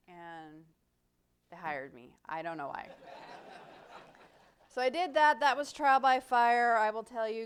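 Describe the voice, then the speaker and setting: A middle-aged woman tells her story in a lively, self-deprecating way. Her voice is smooth and clear at a medium pitch. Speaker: city manager speaking to a club. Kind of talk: storytelling talk.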